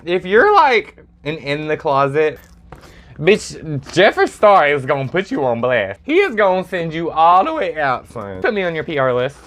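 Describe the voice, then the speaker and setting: An excitable man reviews makeup at home, talking straight into his phone camera. His voice swoops up and down with animated range, breaking into dramatic squeals and sassy asides. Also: on the high side, moderate pace, a little hiss or hum. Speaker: makeup vlogger. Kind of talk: casual makeup review chat.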